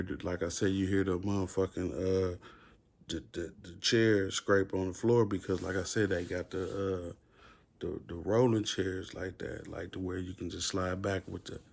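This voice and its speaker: Speaking in a low, gravelly voice, a man casually rambles through a story thick with slang and filler words. At points he mimics the other inmates yelling.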